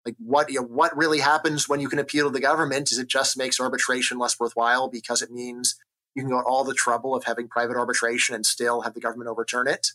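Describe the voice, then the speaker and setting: Speaking quickly with a medium-pitched voice, this US economist guest argues his points energetically in a conversational interview. He keeps tossing in "right?" to check in with the listener.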